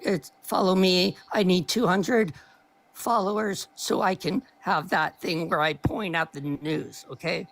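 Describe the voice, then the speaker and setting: Brief: adult woman caller, gravelly, losing her voice, argumentative, interrupts constantly. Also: on the low side, steady tone, a little slow. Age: older than 30. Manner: argumentative, talks over the host. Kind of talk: heated political argument.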